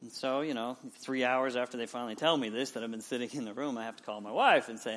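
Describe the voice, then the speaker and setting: A man in his forties, a pastor, preaching a sermon and telling a personal story with lively swings from loud to quiet. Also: racing, hardly any pauses. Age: 40s. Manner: storytelling with wide swings in pitch and loudness.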